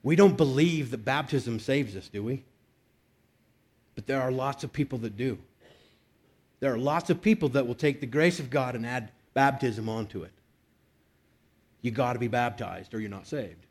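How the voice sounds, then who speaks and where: A man's voice: mid-range voice, normal speed, pauses often, darkish tone. A man preaching a conversational sermon, reading scripture and breaking into emphatic bursts. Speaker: pastor.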